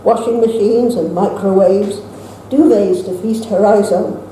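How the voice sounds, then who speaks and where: A woman reading her own rhyming poems at an open mic in a steady recitation, with wry asides between them. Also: medium pitch, measured pace, slight background noise. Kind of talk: poetry reading. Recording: echoey room with faint ambience.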